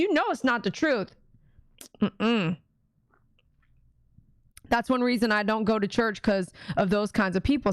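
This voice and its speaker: A woman holds forth to her livestream chat in a slightly high voice, emphatic and preachy. She punctuates her points with hummed "mm-mm"s. The sound is close and dry, with no room around it. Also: no echo. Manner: emphatic and preachy, with frequent "mm-mm" hums. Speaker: livestream host reading viewer chat.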